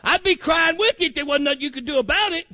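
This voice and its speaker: A man's voice: very high-pitched, fast, pushed and bright, dry recording. A man preaching a sermon, fiery and colloquial, calling out to his congregation. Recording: muffled lo-fi recording.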